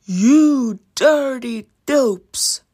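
A woman voicing a huge, bossy, angry male giant in a storybook reading, yelling slowly. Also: fairly even intonation, exaggerated voice. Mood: bellowing. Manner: slow booming yells.

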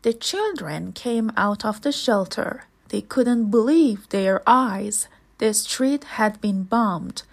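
A woman reading a children's story aloud in a measured storytelling manner. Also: fairly high pitch, lively intonation, vocal fry. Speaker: storybook reader.

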